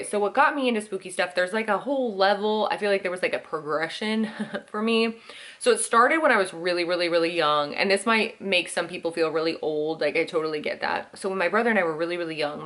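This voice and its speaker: A woman's voice: lowish voice, a bit bright. A woman in her thirties chatting casually as a vlogger, answering Q&A questions and acting out quotes along the way. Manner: chatty, many "like"s, acts out quotes. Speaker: vlogger host. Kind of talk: casual Q&A chat.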